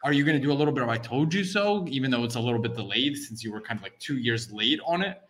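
A man with a cold co-hosting a podcast, chatting about sports in an animated, teasing way and steering the talk. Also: medium pitch, rapid-fire. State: sniffly with a cold. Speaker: podcast co-host. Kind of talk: casual sports chat.

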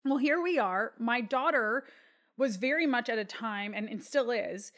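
A woman in her thirties with a Texan accent, talking earnestly and from the heart as a guest on an interview. Her voice sits a little high, and her story moves along with plenty of "you know" and "like.". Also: expressive, moderate pace, fairly bright tone. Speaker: guest, children's book author. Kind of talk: conversational interview.

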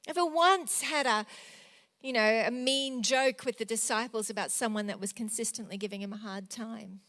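A woman preaching a devotional sermon, earnest and emotional, moving from loud emphasis to a hushed near-whisper. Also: a little high.

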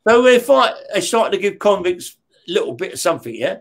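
His voice is high with big pitch swings and a fairly quick delivery. A middle-aged ex-career criminal being interviewed, he spins stories full of constant swearing, laughing as he talks and tossing in "yeah?" to check on his listener.

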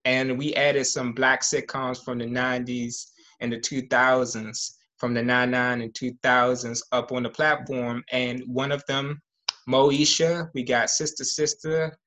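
A man co-hosting a podcast, chatting casually with relaxed, slangy opinions. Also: mid-range voice, a little slow. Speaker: podcast co-host. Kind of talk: casual chat.

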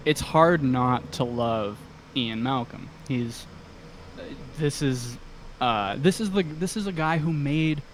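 A man's voice: medium pitch, slow, slight background noise. A man talking as a podcast guest in casual conversation, hesitant and full of ums and restarts, enthusiastic as he talks. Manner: enthusiastic fan talk.

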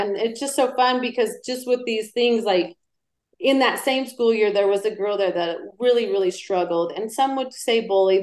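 A middle-aged woman, a podcast guest, chatting casually and telling lively stories. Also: medium pitch. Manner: animated storyteller. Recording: roomy echo.

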